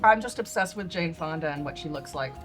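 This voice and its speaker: A woman's voice: sits low, animated, a little fast, over music. An older woman from New York with a New York accent, chatting casually as a comedian guest, rambling and saying "like" a lot. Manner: rambling, chatty, says "like" often. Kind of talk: casual chat.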